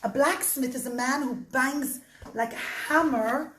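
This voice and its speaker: A woman telling a story to children in an expressive way, often calling out to them directly. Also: high-pitched, unhurried, a little hiss or hum. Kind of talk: animated storytelling. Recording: echoey room.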